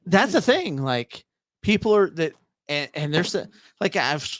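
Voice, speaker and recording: A man's voice: fairly high pitch, very animated, measured pace, dry recording. A man co-hosting a casual podcast over drinks, rambling and stammering through restarts. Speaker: podcast co-host.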